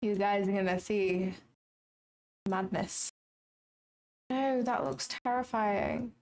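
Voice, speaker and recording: A woman's voice: mid-range voice, takes it slowly, darkish tone. A woman live-streaming her trading, talking casually and exclaiming often, with the odd swear word. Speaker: trading livestreamer. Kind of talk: casual livestream commentary.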